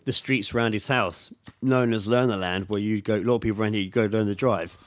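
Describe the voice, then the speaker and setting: A man's voice: on the low side, steady tone, fast talker, no echo. A young man co-hosting a podcast, drunk, chatting loosely and laughing easily. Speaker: podcast co-host. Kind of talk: casual chat.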